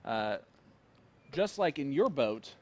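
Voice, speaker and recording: A man's voice: medium pitch, big pitch swings, slow. A man doing casual live darts commentary, joking and chatting with a young player. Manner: playful, teasing banter with a young guest.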